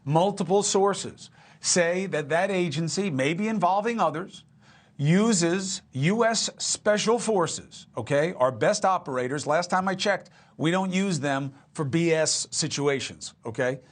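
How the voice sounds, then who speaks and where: A man's voice: on the high side, measured pace. A man hosting a cable news show, punchy and conversational. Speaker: news host.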